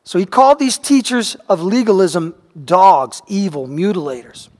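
A pastor preaching a sermon, telling a personal story in an animated way, his voice climbing and getting loud at the dramatic moments. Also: sits high, normal speed. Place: church sanctuary. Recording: long reverb of a large hall.

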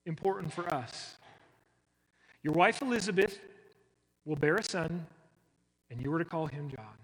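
A bright, high-voiced male pastor preaching with strong emphasis, lifting hard on key lines and sinking to near-quiet on others. His voice carries a long reverb, as in a church hall. He sounds forceful and clear. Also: animated, moderate pace, pauses often. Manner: emphatic, rising sharply on key words then dropping low and soft. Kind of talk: sermon.

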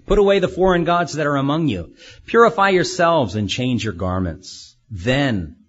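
A man's voice: medium pitch, lively intonation, moderate pace, lo-fi sound. A man preaching a sermon as a pastor, asking rhetorical questions and acting out quoted speakers.

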